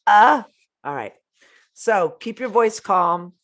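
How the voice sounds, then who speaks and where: A woman's voice: mid-range voice, lively intonation, slow, a bit bright. Frank woman hosting a self-help podcast. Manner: earnest, frank, swears casually. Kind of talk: motivational self-help talk.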